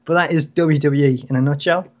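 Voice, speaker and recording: A man co-hosting a wrestling talk show in casual chat, relaxed and a little hesitant, restarting words as he works through his thoughts. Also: a little high, a little fast. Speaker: co-host.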